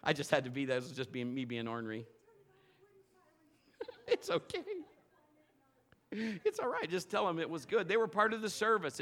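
Animated high-voiced male preacher. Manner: animated, swings from loud exhortation to low asides, playful. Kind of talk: sermon. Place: church service.

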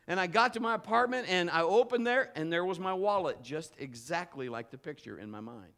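A man preaching a sermon as pastor, telling a humorous personal story in an animated way. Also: high-pitched, fairly quick.

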